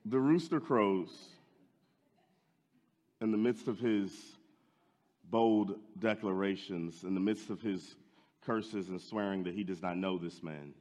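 A male preacher telling a story in a sermon with strong drama. He builds up loud, then drops to a hushed, heavy delivery. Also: low voice, slow, long pauses, long reverb tail.

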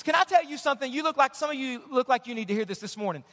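High-voiced energetic male preacher. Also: very fast. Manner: energetic preaching, calls for audience response. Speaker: pastor. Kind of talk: sermon. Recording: long hall reverb.

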